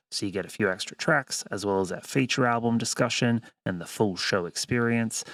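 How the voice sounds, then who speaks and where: A man's voice: on the low side, a bit bright, no room sound. An Australian man co-hosting a music podcast, laid-back and casual, laughing often and swearing offhandedly. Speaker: podcast co-host.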